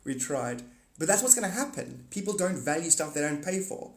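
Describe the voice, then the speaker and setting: Guy rambling on his livestream, blunt and swears a lot, kinda high voice, echoey room. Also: sing-song, fairly quick. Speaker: livestream host. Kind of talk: casual livestream chat with viewers.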